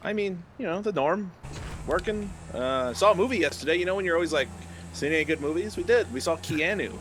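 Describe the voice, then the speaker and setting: A man co-hosting a live game stream, chatting casually and animatedly, his voice leaping up when excited and laughing often. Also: high-pitched, fairly quick, slight background noise. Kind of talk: casual chat.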